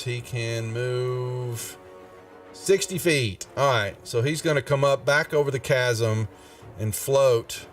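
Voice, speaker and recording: A man's voice: mid-range voice, recorded from a distance. A man narrating as game master of a tabletop game, thinking aloud and stopping to check rules as he goes.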